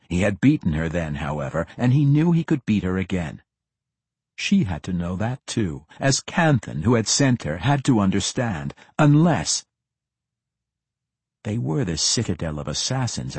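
Husky-voiced man narrating a fantasy audiobook. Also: fairly low pitch, no echo. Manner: expressive, dramatic storytelling.

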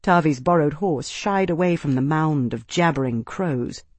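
Audiobook narrator, steady even delivery, mid-pitched voice, dry close sound with no room. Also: moderate pace, breathy edge, dry recording. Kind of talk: scripted narration.

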